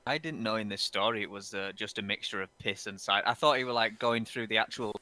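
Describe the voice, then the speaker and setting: A man's voice: lowish voice, quick pace, pushed and bright, no echo. A man co-hosting a podcast, chatting casually and laughing often. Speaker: podcast co-host. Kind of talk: casual banter.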